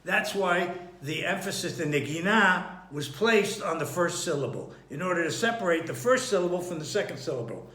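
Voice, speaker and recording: A man giving an unhurried Torah study lesson, thinking aloud with frequent restarts and throat-clearing. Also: fairly high pitch, expressive, sharp tone, roomy sound. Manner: clears his throat often. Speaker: Torah teacher.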